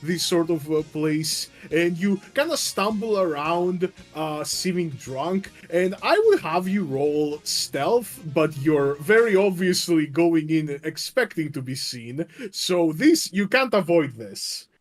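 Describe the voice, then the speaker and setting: A man's voice: on the high side, expressive, takes it slowly, few pauses, soft background music. A man narrating as game master of a tabletop game, in a casual, hesitant way with frequent swearing and laughs.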